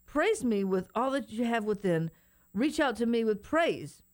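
A woman co-hosting a Christian radio show, bubbly and excitable, reading a prophetic word aloud. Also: on the high side, unhurried. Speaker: radio co-host. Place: radio studio.

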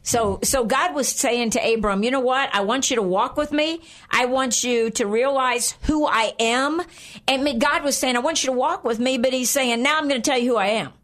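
Older female Bible-teaching co-host, slightly high voice, chatty, laughs. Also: moderate pace, fairly bright tone. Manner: chatty, laughing, with frequent okays. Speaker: co-host of a Christian program.

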